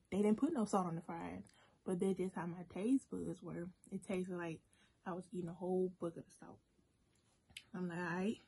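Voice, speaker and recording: Husky-voiced woman telling a story. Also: mid-range voice. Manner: chatty, animated storytelling, addresses viewers as y'all. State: emotional at moments, briefly choked up. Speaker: food vlogger. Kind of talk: casual storytime while eating.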